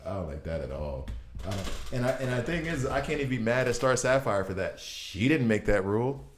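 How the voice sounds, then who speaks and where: A man in his thirties giving casual gameplay commentary, riffing in an animated, exasperated way. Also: medium pitch, a little fast, slight background noise. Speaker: gaming video host. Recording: roomy echo.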